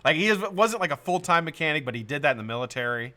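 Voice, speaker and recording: A man's voice: on the high side, quick pace. A middle-aged man hosting a live stream, telling stories casually to his chat, swearing freely and laughing often. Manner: animated, profane, laughs often.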